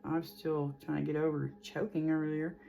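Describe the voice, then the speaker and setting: Low-voiced woman rambling through a tarot reading. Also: little pitch movement, normal speed, gravelly, warm tone, soft background music. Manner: rambling, chatty, with many fillers. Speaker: tarot reader.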